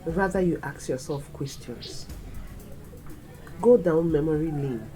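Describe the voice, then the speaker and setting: A Nigerian woman playing a wise older mother who calmly lectures her grown son in a film drama. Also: low-pitched, slow pace, faint music behind, rough recording. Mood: advising. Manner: calm, lecturing.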